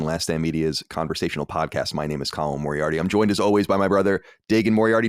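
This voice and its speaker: A man's voice: extremely low pitch, fairly even intonation, fast talker, hardly any pauses, clear, resonant tone, no room sound, clean studio sound. A man hosting a podcast, giving an upbeat, polished welcome. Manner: upbeat, polished host delivery. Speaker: podcast host. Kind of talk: casual chat, podcast intro.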